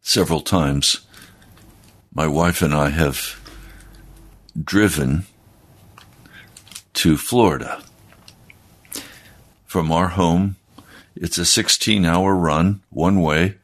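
A man's voice: low voice, steady tone, slow pace, long pauses, fairly bright tone. A man speaking as a pastor, hosting a broadcast and talking in a solemn, earnest sermon style while recovering from losing his voice. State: recovering from a lost voice.

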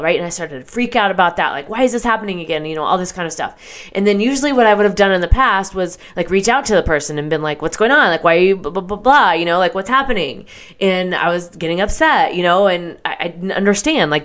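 Woman, podcast host, personal storytelling, chatty and rambling, candid, casual swearing. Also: mid-range voice. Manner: chatty, heavy use of "like" and "right?".

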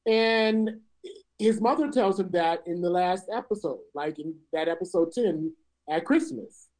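Woman, lower pitch, measured, analytical, casual recap talk. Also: a little mellow, rough recording. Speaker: podcast co-host. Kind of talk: casual chat about a TV series.

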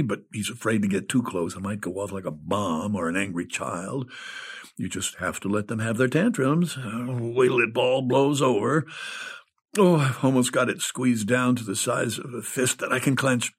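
A man's voice: medium pitch, normal speed, breathy edge. An actor playing an ill, older male screenwriter, rambling and sighing through a wry, desperate inner monologue. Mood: weary. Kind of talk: audio drama with inner monologue.

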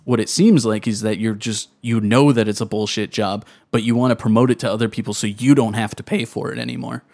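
A man's voice: fairly low pitch, steady tone, a little fast, creaky, a little mellow. A man co-hosting a casual podcast, blunt and opinionated with loose, sweary talk. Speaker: podcast co-host.

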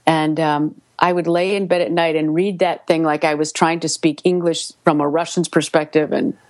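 A middle-aged woman, a voice actor, telling stories in a casual interview, lively and laughing, repeating words when excited. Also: sits low, moderate pace, no room sound. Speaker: voice actor guest.

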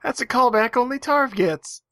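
A man's voice: very high voice, animated, normal speed, sharp tone, no room sound, clean studio sound. A man co-hosting a podcast in casual chat, sarcastic and profane. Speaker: podcast co-host.

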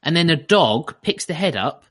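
A man's voice: on the high side, very animated, moderate pace, fairly bright tone. A man co-hosting a podcast, chatting casually and questioning things in a dry way. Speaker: podcast co-host. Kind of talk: casual chat.

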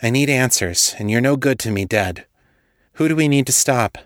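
A man voicing a commanding young woman investigator who talks briskly, with an exasperated edge. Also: medium pitch, lively intonation, no echo, clean studio sound, voice pushed up, lightly acted. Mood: urgent.

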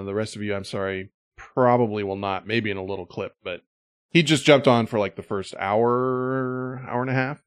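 A man co-hosts a podcast in a loose, rambling way, thanking listeners as he goes. His voice sits at an everyday middle pitch. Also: fairly bright tone, clear, resonant tone. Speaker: podcast co-host. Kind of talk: casual podcast chat.

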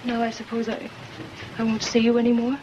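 A woman's voice: fairly high pitch, completely flat delivery, fairly quick, noisy background, lightly acted. An actress playing a troubled, fearful young woman in an old film clip, speaking in a pleading way. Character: young woman, fearful and sad, believes herself cursed. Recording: dull old film soundtrack with music.

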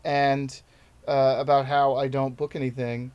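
A man's voice: medium pitch, level tone, measured pace, a little mellow, clear, resonant tone, dull audio. A man in his thirties, a stand-up comedian chatting as a podcast guest, telling rambling, self-deprecating stories. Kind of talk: casual podcast chat.

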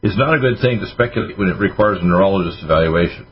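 A deep-voiced man hosts a radio health show and talks quickly, piling up advice and throwing in sarcastic asides. The sound is dull and lo-fi, with a faint hiss underneath. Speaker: radio host doctor. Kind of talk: casual radio talk.

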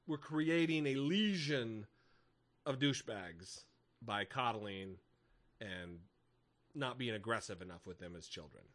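Lively, bright-voiced joking man. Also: fairly low pitch, a little slow, long pauses. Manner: joking, rambling with restarts. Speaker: podcast co-host. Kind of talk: casual comedic chat.

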